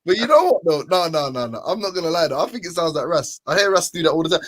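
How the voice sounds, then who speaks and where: A man hosting a casual group voice chat, animated and talking over others to get the floor. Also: a little high, rapid-fire, hardly any pauses. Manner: animated, keeps cutting in with "hold on, listen". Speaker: host.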